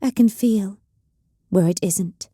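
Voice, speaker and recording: A woman with a medium-pitched voice and a breathy edge speaks slowly as a bitter, volatile young female psyker cultist. Menacing in mood, she hisses, snarls and shouts in anger. It's a dry recording with clean studio sound.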